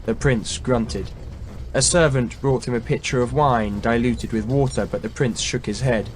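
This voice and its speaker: A male audiobook narrator reads historical prose in a measured, dramatic way. His voice sits at a middle pitch. He slows for weighty moments. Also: steady tone, slight background noise. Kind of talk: scripted narration.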